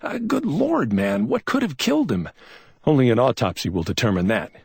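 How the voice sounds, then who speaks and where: A man's voice: medium pitch, sing-song, normal speed, creaky, slightly rough, no echo, voice pushed up, heavily acted. A man playing a curt navy investigator. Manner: curt and clipped. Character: stubborn, crisp male naval investigator.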